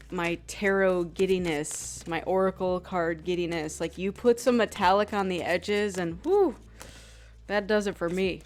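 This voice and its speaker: Chatty woman giving a tarot reading. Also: fairly low pitch. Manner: conversational, chatty with many "like" fillers; acts out quoted people in lively voices. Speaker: tarot reader.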